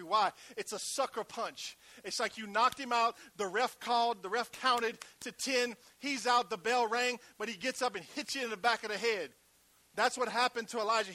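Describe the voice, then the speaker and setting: A male pastor preaching a sermon, shifting between loud emphatic calls and hushed, near-whispered passages, with conversational call-and-response asides to the congregation. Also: high-pitched, no echo.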